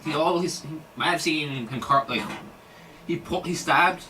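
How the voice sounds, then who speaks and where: A young man in casual podcast chat, arguing points and quick to contradict others. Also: a little high, bright, forceful tone. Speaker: podcast co-host. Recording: distant mic with faint hiss.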